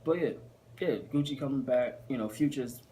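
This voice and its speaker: A man's voice: medium pitch, fairly even intonation, fairly quick, warm tone, slight background noise. A man co-hosting a podcast in casual chat, blunt and joking, with plenty of slang. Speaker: podcast co-host.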